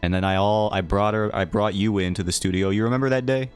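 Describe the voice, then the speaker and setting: A man's voice: fairly low pitch, fairly even intonation, fast talker, clear, resonant tone, faint music behind. A man streaming live, chatting casually and playfully with his viewers in a rambling, self-mocking way. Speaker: livestreamer.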